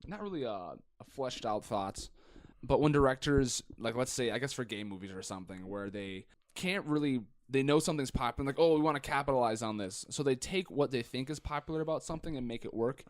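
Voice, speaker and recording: A young man co-hosting a casual podcast, chatting in an animated way and breaking into exaggerated quoted reactions. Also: mid-range voice, fairly quick, dry recording, clean studio sound. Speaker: podcast co-host. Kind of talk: casual chat.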